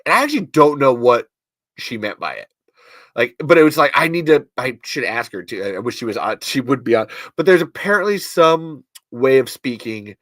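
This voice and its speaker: A man's voice: mid-range voice, a bit bright, dry recording. A man from the American Midwest hosting a podcast livestream in casual chat, rambling, interrupting himself and swearing as he goes. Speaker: podcast host.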